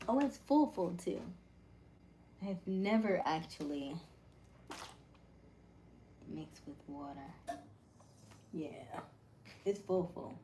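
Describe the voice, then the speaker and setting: Woman, live-stream host, low and calm, soothing and warm, slips into near whispers. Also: slow, long pauses, a little hiss or hum. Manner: soft-spoken, often dropping to a near whisper. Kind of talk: casual live-stream chat reading viewer comments.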